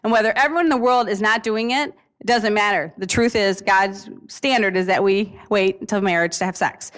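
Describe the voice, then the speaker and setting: A woman youth minister speaking at a conference in a chatty, earnest way. She talks at a middle pitch, loose and conversational, with plenty of fillers. Her delivery is heartfelt and informal. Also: fairly quick, fairly bright tone. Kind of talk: conference talk.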